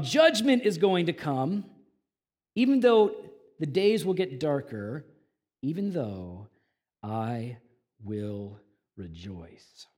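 A male pastor with a notably high voice delivers a sermon to his congregation. He talks in an earnest, conversational way, dropping soft and low for reflection, then rising loud and emphatic. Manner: earnest, swings from quiet to emphatic.

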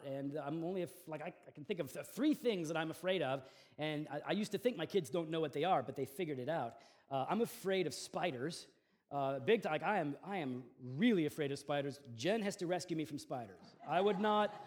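A man in his forties preaching a sermon as pastor, telling stories in a conversational way with fillers and restarts. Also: on the high side.

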